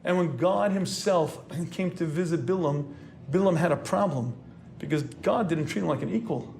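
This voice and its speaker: A man, a rabbi, preaching a sermon in an earnest, lecturing way, often clearing his throat as he goes. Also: fairly high pitch, moderate pace, darkish tone, a little hiss or hum.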